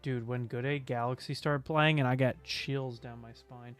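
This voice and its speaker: A man streaming in a casual, chatty way, getting excited, gasping and humming little tunes. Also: mid-range voice, normal speed, clean tone, soft background music. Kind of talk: casual chat.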